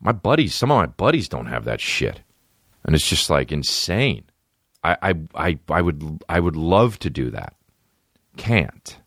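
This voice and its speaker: Man, very deep voice, casual comedic rant, lots of swearing, dry room. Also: fairly bright tone, no echo. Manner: swearing, rambling, jumps into high-pitched impressions. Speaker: podcast host. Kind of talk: casual comedic rambling monologue.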